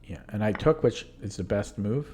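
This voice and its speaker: A man's voice: on the low side, lively intonation, moderate pace, a little mellow. A young man who is losing his voice, talking casually through his own chess tournament games on a live stream. He rambles, stops to correct himself and lets sentences trail off.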